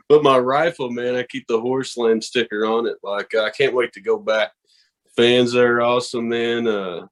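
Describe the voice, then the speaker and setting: A man from the American South, a podcast guest telling stories in casual, profane chat and acting out other people's voices. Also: mid-range voice. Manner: animated, profane, acts out quoted voices.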